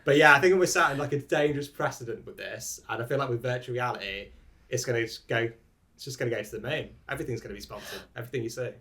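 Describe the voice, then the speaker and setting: A man's voice: medium pitch, quick pace, pushed and bright. A man, a comedian guest talking in a rambling, laid-back way in a panel chat.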